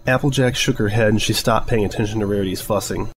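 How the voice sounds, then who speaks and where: A man narrating a fan story aloud in a steady, even reading voice. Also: on the low side, fast talker, hardly any pauses, rough recording. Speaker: fanfiction reader. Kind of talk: audiobook narration.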